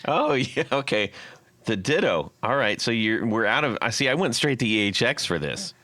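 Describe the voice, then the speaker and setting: A man hosting a podcast, chatting in a relaxed, joking way and trailing off into filler phrases. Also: mid-range voice, normal speed, dry recording. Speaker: podcast host. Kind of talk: casual podcast interview.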